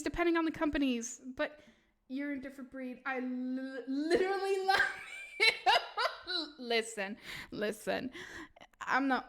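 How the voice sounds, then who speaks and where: A young woman, streaming tarot readings and chatting with her viewers, laughing often and answering chat in an animated way. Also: on the high side. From Sweden. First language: Swedish. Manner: giggly, animated, talks back to chat. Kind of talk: casual live-stream chat.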